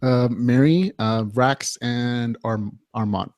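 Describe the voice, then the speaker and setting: A man's voice: mid-range voice, fairly even intonation, slow pace, a little mellow, no echo. A man hosting a podcast interview, talking casually and a little hesitantly. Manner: hesitant, casual, with fillers and restarts. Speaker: podcast host.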